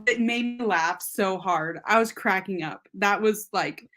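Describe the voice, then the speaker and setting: A woman's voice: medium pitch, measured pace, a bit bright. A woman hosting a casual book discussion, often agreeing and adding her own thoughts. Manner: supportive listener, frequent agreeing sounds. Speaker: book club host.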